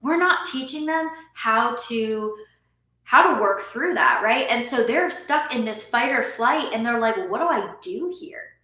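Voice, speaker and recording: A woman's voice: fairly high pitch, measured pace, pushed and bright, roomy sound, low-quality recording. A woman in her thirties, a parent coach, explaining earnestly in a talking-head vlog and often breaking into short laughs.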